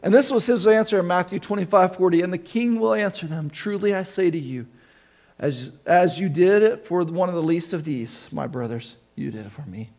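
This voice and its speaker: A middle-aged man preaches to his church in a loose, conversational way. He often restarts his sentences and goes off on asides. His voice sits high for a man, and the recording sounds muffled and lo-fi. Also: a little fast. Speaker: pastor. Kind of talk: sermon.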